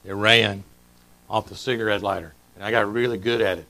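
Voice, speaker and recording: A man's voice: lowish voice, steady tone, a little fast, creaky, bright, forceful tone, rough recording. A middle-aged man preaching a sermon in a church, chatty and joking, quizzing the congregation. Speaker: pastor. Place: church sanctuary.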